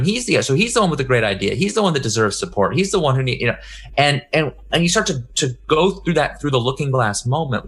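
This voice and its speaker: A middle-aged man delivers a conference keynote as a story. He talks in a medium-pitched voice and acts out each character's lines in a raised, animated tone. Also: breathy edge. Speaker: keynote speaker.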